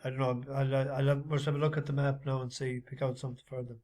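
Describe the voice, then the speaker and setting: A man chatting casually in a vlog as a horse racing tipster, rambling with lots of halting fillers. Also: mid-range voice, level tone, a little mellow.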